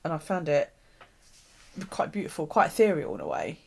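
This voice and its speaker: British woman, lowish voice, rambling live-stream chat, casual swearing, lots of ums. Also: huge pitch swings, a little fast, gravelly, a little mellow, breathy edge. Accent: British English. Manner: chatty, swears casually, frequent ums and laughs. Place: home craft desk.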